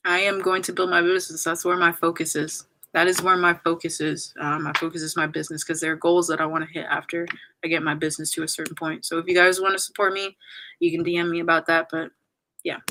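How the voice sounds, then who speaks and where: A woman's voice: fairly low pitch, flat delivery, fast, pushed and bright, a little hiss or hum, rough recording. A young woman chatting on a farewell livestream, emotional and trying not to cry, apologizing and rambling with many fillers. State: holding back tears. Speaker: YouTuber saying goodbye on a livestream. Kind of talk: casual livestream chat reading comments.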